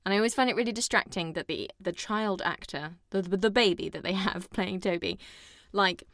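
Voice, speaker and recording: A woman's voice: mid-range voice, brisk, no room sound, studio quality. A young woman co-hosting a podcast, chatting casually and animatedly about a film, acting out scenes and swearing now and then. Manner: animated, swears, dramatic retellings. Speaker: podcast co-host.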